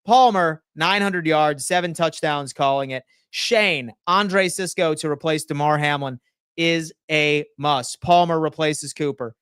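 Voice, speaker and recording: A young man running a live sports stream reads viewer chat aloud and rants back at them, rowdy and teasing, swearing often and swinging between loud outbursts and quiet asides. His voice is on the high side, with a measured pace and clean tone, in a dry recording.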